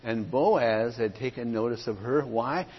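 Husky preacher in a dull echoing hall. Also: male voice, mid-range voice, unhurried. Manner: earnest, addresses listeners as friends, rhetorical questions. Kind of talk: sermon.

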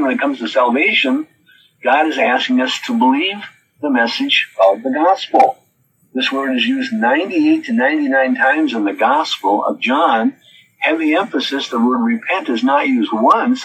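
Male preacher, sermon delivery, animated intonation, faint noise behind. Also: mid-range voice, gravelly, poor audio. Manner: reads quotes from notes, then rebuts them with questions.

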